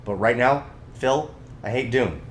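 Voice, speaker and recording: A man co-hosting a podcast in casual chat, ranting with animated energy. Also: mid-range voice, measured pace, slight background noise. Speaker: podcast co-host.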